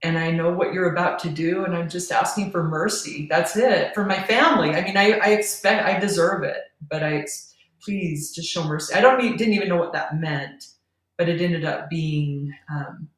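A woman's voice: lowish voice, moderate pace. Woman telling her story from a roomy distance. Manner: earnest, tearful at times, laughs between lines. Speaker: guest. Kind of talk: emotional personal storytelling.

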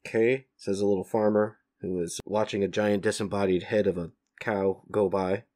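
A man's voice: lowish voice, level tone, moderate pace, a little mellow. A man casually reading a comic aloud, describing the panels with fillers. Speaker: comic reader.

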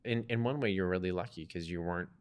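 Deep-voiced man telling a personal story. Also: fast. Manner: chatty, animated retelling with quoted dialogue. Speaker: podcast co-host.

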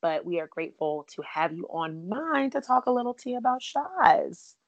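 A woman's voice: fairly low pitch, moderate pace, no echo, muffled recording. A woman hosting a podcast, chatting casually and bubbly with lots of asides. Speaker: podcast host.

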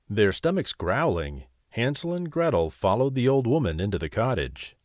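A man narrating a bedtime story slowly and expressively. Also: mid-range voice, no room sound, studio quality. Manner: slow and expressive.

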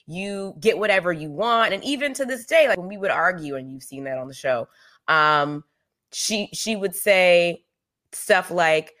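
Low-voiced woman telling personal stories. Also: expressive, measured pace, a bit bright. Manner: emphatic, storytelling with many restarts. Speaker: podcast co-host. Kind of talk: candid conversational chat.

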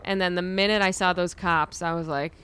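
A young woman in casual conversation with a smooth, resonant voice sitting a bit low. She rambles through her stories, swears freely and laughs along as she goes. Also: fairly even intonation, a little fast, fairly bright tone. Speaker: comedian and podcast host. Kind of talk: casual chat.

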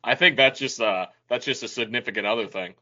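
Bright-voiced man with dry jokey asides. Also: medium pitch, fairly quick. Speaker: podcast co-host. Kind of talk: casual chat. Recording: dull lo-fi recording.

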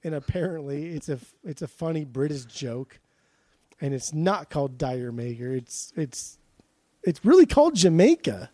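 A man's voice: fairly high pitch, big pitch swings, moderate pace, warm tone, no echo. A man from Southern California with a Southern Californian accent, chatting casually as a podcast co-host, swearing freely and restarting his sentences. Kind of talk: casual chat.

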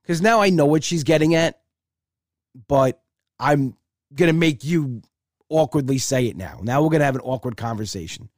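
A man's voice: mid-range voice, lively intonation, normal speed, no echo, clean studio sound. A male comedian telling a story casually and chattily, acting out both sides with repeated "I said".

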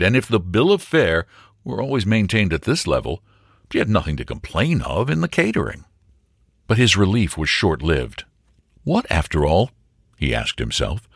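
Deep-voiced, expressive male audiobook narrator. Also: no room sound, clean studio sound. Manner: expressive, theatrical delivery. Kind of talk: audiobook reading of a comic story.

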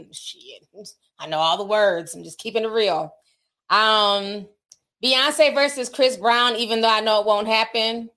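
Her voice is mid-range and sharp in tone, and she talks a little slowly. She's a livestream host going through super chats on a casual stream, speaking candidly, laughing frequently, and throwing in bits of slang.

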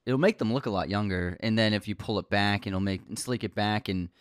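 A man's voice: on the low side, fast, smooth, no echo, studio quality. A man casually discussing a film as a podcast co-host, talking conversationally with frequent restarts.

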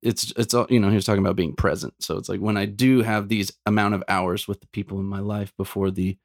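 A low, gravelly man talks in a relaxed podcast chat, thoughtful and unhurried. His voice sounds dry and close to the mic. Faint music plays behind him. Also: no echo. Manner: reflective, slows down to read a quote. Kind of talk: casual chat.

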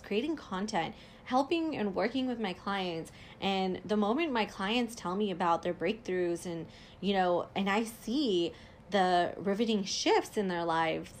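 A woman's voice: medium pitch, a little hiss or hum. A young woman hosting a podcast as a life coach, talking casually with lots of "like" fillers and acting out inner voices. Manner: chatty, frequent "like" fillers, acts out inner voices.

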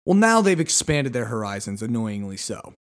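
A man's voice: mid-range voice, big pitch swings, normal speed. A man hosting a podcast, telling a story in a casual monologue with sarcastic, exasperated humor. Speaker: podcast host.

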